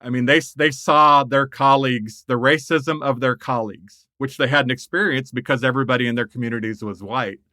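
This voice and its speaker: A middle-aged man from the United States tells stories with a bright edge to his voice. He is animated and laughs often, and the sound is dry and close to the mic. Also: medium pitch, fairly quick, few pauses, no room sound. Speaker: guest writer. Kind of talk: conversational interview storytelling.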